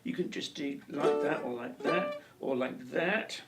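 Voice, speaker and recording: Gravelly ukulele teacher. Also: male voice, fairly high pitch, a little slow, distant mic, over loud music. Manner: chatty, encouraging, with many ums and restarts. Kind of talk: casual video lesson and anecdote.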